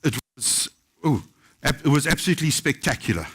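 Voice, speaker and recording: South African man, fairly high-pitched, lively anecdotes told on a festival stage with quoted voices acted out. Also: brisk, husky. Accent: South African English. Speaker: chef telling stories. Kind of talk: live storytelling talk.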